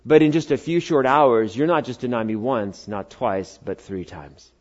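A man's voice: on the high side, normal speed, few pauses, dull audio. A middle-aged man preaching a sermon in a church, talking conversationally, joking and bantering with the congregation and acting out quoted speakers in character voices. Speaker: pastor.

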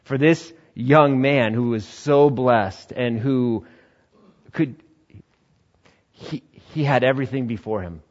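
Animated man preaching a sermon, husky. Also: slow, pauses often, dull audio. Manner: animated, acts out quoted voices with high shouts and laughs. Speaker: pastor.

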